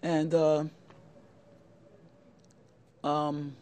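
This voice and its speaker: A middle-aged woman hosting a channel gives young men a motivational talk to camera, earnest and repetitive, addressing them directly as "guys." She speaks very slowly in a low-sitting, darkish voice with a level tone.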